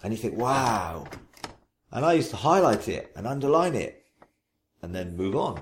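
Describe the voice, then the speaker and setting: Earnest, lower-voiced preacher sharing testimony. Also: male voice, very animated, slight background noise. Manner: earnest and unhurried, with frequent restarts and repeated phrases; slow, emphatic recitation when quoting scripture. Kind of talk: reflective interview testimony.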